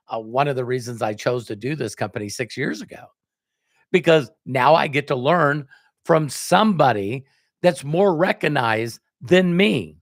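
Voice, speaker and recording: A man, a network marketing speaker, giving a motivational talk on a livestream and acting out remembered conversations with sudden jumps in pitch. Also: dry recording, clean studio sound. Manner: acts out quoted dialogue with jumps in pitch.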